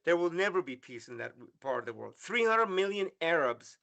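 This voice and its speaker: A man's voice: on the high side, big pitch swings, fairly quick, gravelly, pushed and bright. A man from Iran, hosting a live talk show and telling stories earnestly with frequent restarts. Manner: earnest, storytelling, many restarts.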